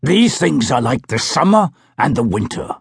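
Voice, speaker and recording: Audiobook role: a man playing a solemn male plainsman, slow, husky delivery. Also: mid-range voice, sing-song, dry recording, clean studio sound, exaggerated voice. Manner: slow, measured, solemn speech. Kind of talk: audiobook character voice.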